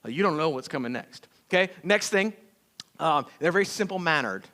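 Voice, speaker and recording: A man preaching a sermon as pastor, telling stories in a folksy, animated way with acted-out quotes. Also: fairly high pitch, fairly quick. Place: church sanctuary.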